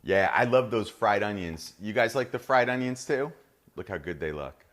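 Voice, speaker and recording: A man's voice: on the low side, expressive, normal speed, fairly bright tone. Chatty New Jersey man hosting a cooking demo. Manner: chatty, enthusiastic, talks straight to viewers. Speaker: chef and host. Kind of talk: live cooking demonstration.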